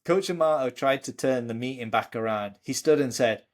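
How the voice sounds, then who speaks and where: A podcast co-host reading memoir passages in a storytelling way, his voice sitting in an ordinary middle pitch. He reads the story aloud and fills in the gaps between passages, lifting his voice when he quotes the people in it. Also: moderate pace. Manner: storytelling, lively when quoting.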